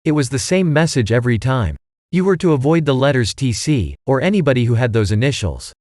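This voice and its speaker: Male reader as a brisk, gossipy middle-aged aunt in a storybook; lively, dry. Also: mid-range voice, no echo, close to an everyday voice. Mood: chatty.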